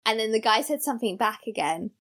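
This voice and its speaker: A woman co-hosting a podcast, telling a spooky family story in a casual, animated way and laughing as she goes. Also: a little high, quick pace. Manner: animated storyteller, laughs mid-sentence, acts out voices. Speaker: podcast co-host.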